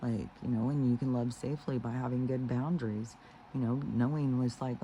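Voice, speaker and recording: A man talks in a mellow, warm tone. His spiritual monologue meanders through fillers and false starts. He turns earnest and slower on the points he wants to stress. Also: medium pitch, fairly even intonation, slight background noise, poor audio. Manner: meandering, heavy with fillers and restarts; earnest, slows down on key phrases. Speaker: spiritual vlogger.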